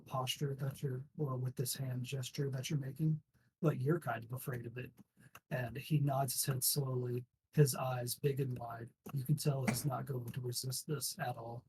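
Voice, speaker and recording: A man narrating as game master in a relaxed way, with many fillers. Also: mid-range voice, normal speed, far from the mic, slight background noise.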